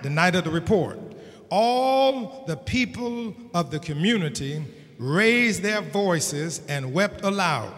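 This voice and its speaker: A man preaching a sermon as pastor, building to shouted emphasis with a call-and-response cadence. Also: high-pitched. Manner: preaching with rising, shouted emphasis and Southern Black church cadence. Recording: long hall reverb.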